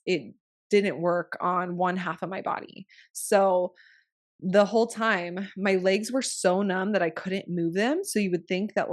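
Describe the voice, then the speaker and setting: Young woman, podcast guest, a little low-pitched; frank, casual storyteller who swears freely. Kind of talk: candid personal storytelling.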